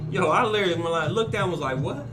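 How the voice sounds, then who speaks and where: A man in his thirties telling a story in casual chat, animated and swearing, acting out the people in it. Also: high voice, racing, music in the background. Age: 30s. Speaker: podcast host.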